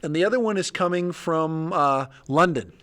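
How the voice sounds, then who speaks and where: Chatty man, slightly higher voice. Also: normal speed, a bit bright. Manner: rambling, thinking aloud, chuckling. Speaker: livestream host. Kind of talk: casual livestream chat.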